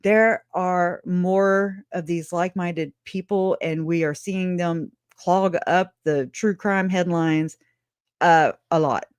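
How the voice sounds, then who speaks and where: A woman hosting a true crime livestream talks in a loose, animated way. She is sarcastic, laughs a lot, and swears without holding back. Her voice sits close and dry, with no room sound around it. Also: on the low side, slow pace, clear, resonant tone, dry recording. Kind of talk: casual livestream commentary.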